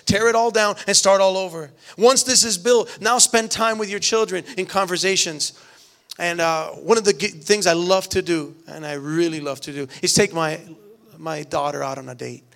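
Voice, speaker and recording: A middle-aged man preaching with an earnest, storytelling delivery. He often repeats words as he builds a point. His voice sits fairly high for a man. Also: a bit bright. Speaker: pastor. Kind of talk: sermon.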